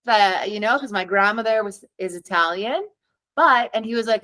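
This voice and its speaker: A woman's voice: medium pitch, normal speed, poor audio. Chatty woman telling her story. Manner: animated, acting out quoted dialogue; candid and chatty, with fillers. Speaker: podcast guest. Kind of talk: conversational storytelling.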